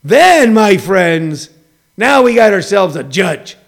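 Gravelly man ranting with comic bluntness. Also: high voice, big pitch swings, takes it slowly. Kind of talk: comedic rant.

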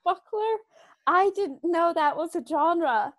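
Slow-spoken high-voiced woman co-host. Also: expressive. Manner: slow, thoughtful, laughs along. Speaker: podcast co-host. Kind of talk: casual podcast chat.

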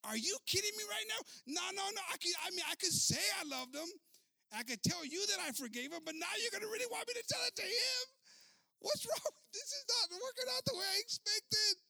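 A preacher acting out a whiny, furious pastor. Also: male voice, very high-pitched, sing-song, takes it slowly, creaky, bright, forceful tone, dry recording, studio quality, pitched above the performer's own voice, exaggerated voice. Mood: exasperated. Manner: ranting, strained, near-crying outbursts.

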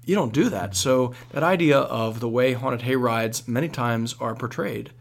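Male priest, radio interview guest, animated storyteller with frequent restarts. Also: medium pitch, moderate pace, gravelly.

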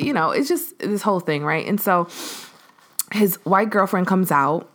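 A woman hosting a podcast, telling a story in a casual, animated way, acting out the voices of the people in it and using lots of fillers. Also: lowish voice, normal speed. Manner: animated, acts out quoted voices, frequent fillers. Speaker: podcast host.

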